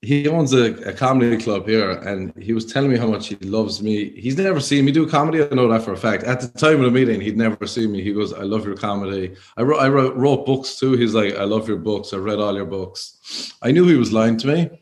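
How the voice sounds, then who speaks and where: An Irish man, a stand-up comedian, telling anecdotes in casual chat with stammering restarts and low flat impressions of other people. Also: quick pace, few pauses. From Ireland.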